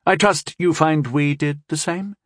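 For an audiobook, a man voices a scheming sixteen-year-old princess who is cold and tipsy, using a sly, condescending drawl. His voice is pushed up to the high side yet stays close to an everyday voice, and he speaks a little slowly. The studio-quality recording has no echo.

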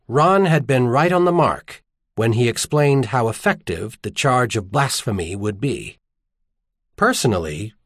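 A man narrating a novel as an audiobook in an expressive storytelling manner. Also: medium pitch, no room sound, clean studio sound. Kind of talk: scripted narration.

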